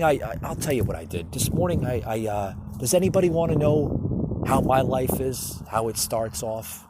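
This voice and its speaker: A man's voice: mid-range voice, animated, normal speed, very noisy. A man hosting his own podcast, ranting solo with a rambling, stammering delivery and mocking asides. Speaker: podcast host. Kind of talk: solo political rant podcast.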